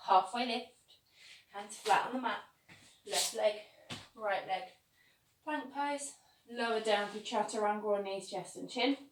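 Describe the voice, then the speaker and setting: A woman teaching a yoga class, calmly cueing each pose step by step. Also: medium pitch. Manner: calm step-by-step cueing of poses. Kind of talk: guided yoga class instruction. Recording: echoey room, voice from a distance, faint ambience.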